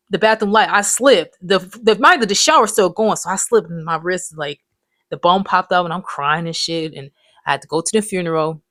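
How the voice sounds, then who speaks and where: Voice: mid-range voice, sharp tone, no echo. A person in their twenties telling life stories in a loose, rambling, profane way, full of slang. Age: 20s. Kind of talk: casual storytime monologue.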